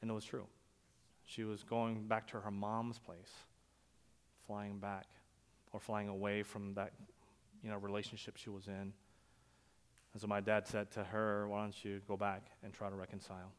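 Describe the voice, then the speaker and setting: A male pastor preaching a sermon, telling stories conversationally and swinging from loud emphasis to quiet asides. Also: lowish voice, completely flat delivery, moderate pace, pauses often, clear, resonant tone. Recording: long hall reverb.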